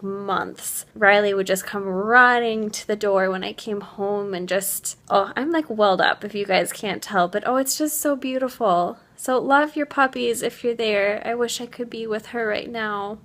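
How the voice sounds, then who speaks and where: A young woman chats into a handheld camera in her kitchen, gushing and earnest, with "like" scattered through every sentence. Her voice sits at an ordinary middle pitch for a woman. It is a relaxed home vlog. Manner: gushing, heartfelt, heavy use of "like". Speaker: vlogger. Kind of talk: casual vlog chat.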